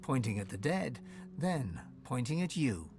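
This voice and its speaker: A man narrating a fantasy game in an expressive, scripted storybook delivery. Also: mid-range voice, measured pace, over music.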